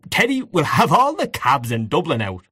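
A man voicing a bluff, hearty gentleman in a storybook reading. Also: a little high, huge pitch swings, moderate pace, slightly rough, dry recording, clean studio sound, pitched above the performer's own voice, full character voice. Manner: stout, bluff.

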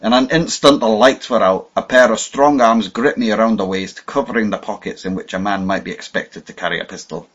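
Male audiobook narrator, lowish husky voice, measured dramatic delivery; muffled recording. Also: fairly bright tone. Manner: measured, dramatic first-person reading. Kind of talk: scripted narration. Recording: dull lo-fi audio.

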